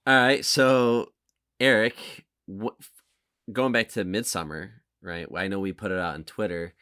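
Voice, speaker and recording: A man's voice: fairly low pitch, steady tone, a little slow, pushed and bright, clean tone, dry recording, clean studio sound. A man hosting a podcast in casual chat, rambling and hesitant with frequent restarts. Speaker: podcast host.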